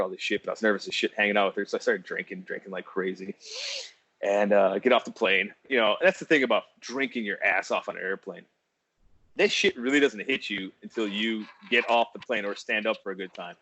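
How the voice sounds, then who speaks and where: Male podcast co-host, 30s, casual and foul-mouthed, animated storyteller; dry lo-fi audio. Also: on the low side, no echo. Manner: swearing, animated, acts out voices in his stories. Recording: dry, dull lo-fi sound.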